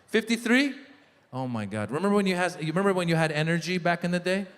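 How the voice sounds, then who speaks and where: Middle-aged comic working the crowd, pretty high voice, echoey hall. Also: male voice, fast talker. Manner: lively crowd work, talks to the audience. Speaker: stand-up comedian. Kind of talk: stand-up comedy. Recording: long hall reverb.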